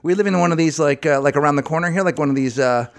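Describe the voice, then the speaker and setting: Podcast co-host, man, animated and laughing a lot, slightly raised pitch. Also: rapid-fire, vocal fry. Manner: excitable, animated, laughs often. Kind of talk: casual comedic chat.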